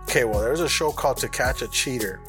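A man's voice: mid-range voice, quick pace, music in the background. A man co-hosting a podcast in loose, profane casual chat, laughing often. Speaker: podcast co-host.

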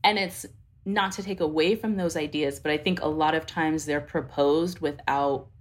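Low-voiced woman musing on a podcast. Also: steady tone, moderate pace. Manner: thoughtful, searching, many fillers and restarts. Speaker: podcast guest. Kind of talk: casual podcast conversation.

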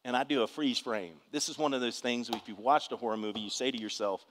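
A man, preaching a testimony in an animated storytelling way with bursts of shouting. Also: mid-range voice, fast talker, big-room sound. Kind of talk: testimony sermon.

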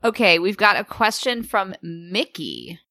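A woman from the United States co-hosting a podcast in casual chat, expressive and animated. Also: mid-range voice, unhurried, no echo, clean studio sound. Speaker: podcast co-host.

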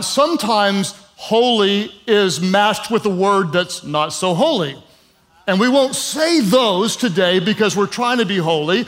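A pastor preaching a sermon, conversational with "um" fillers, stressing points by repetition and dropping in humorous asides. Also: male voice, sits high, fairly bright tone.

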